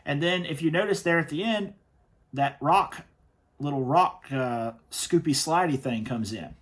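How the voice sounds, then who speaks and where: A man's voice: on the high side, lively intonation, a little slow. A man hosting a commentary show, talking in an emphatic, stern way and often repeating himself. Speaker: host reviewing worship music. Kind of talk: opinionated commentary.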